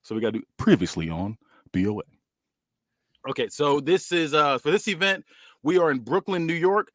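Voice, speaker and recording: A man's voice: fairly high pitch, lively intonation, normal speed, dry recording. A man co-hosting a podcast, narrating a fantasy wrestling show in casual chat with loose slang and frequent laughter.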